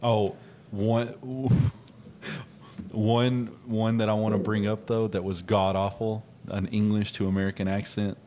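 Low-voiced rambling man chatting. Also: flat delivery, a little slow, warm tone, a little hiss or hum. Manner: rambling, hesitant, lots of fillers. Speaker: podcast co-host. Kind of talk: casual chat.

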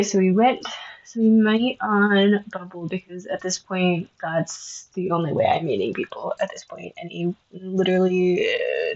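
Chatty young woman telling dating stories. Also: fairly low pitch. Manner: chatty, animated, swears freely, acts out both sides of conversations. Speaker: vlogger. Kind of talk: casual storytelling to camera. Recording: slightly dull lo-fi sound.

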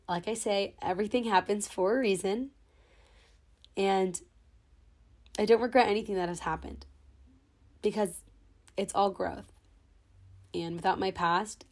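A woman's voice: mid-range voice, normal speed, pauses often, a little mellow. A young woman hosting her own podcast, speaking a sentimental thank-you monologue and holding back happy tears. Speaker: podcast host. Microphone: own camera.

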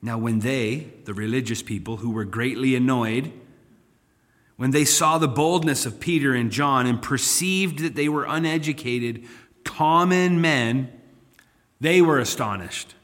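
Conversational pastor in a reverberant hall. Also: male voice, mid-range voice, normal speed, fairly bright tone. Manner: conversational, rising to emphatic scripture reading. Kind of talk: Bible study teaching.

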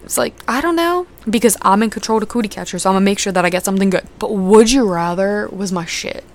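A woman's voice: medium pitch, fairly even intonation, fast talker, a little mellow. A young adult woman hosting a podcast in casual chat, rambling with lots of fillers and casual swearing. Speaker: podcast host.

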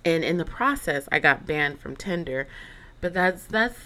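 A woman's voice: sits low, animated, measured pace, pushed and bright. A young woman hosting a podcast, telling a story in a chatty, dramatic way with lots of fillers and asides. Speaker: podcast host. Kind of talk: casual storytelling monologue.

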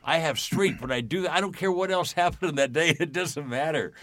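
A man's voice: on the high side, brisk, a bit bright, a little hiss or hum. An older man, a podcast guest, telling stories with enthusiasm and acting out the dialogue. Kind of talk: storytelling in a faith podcast.

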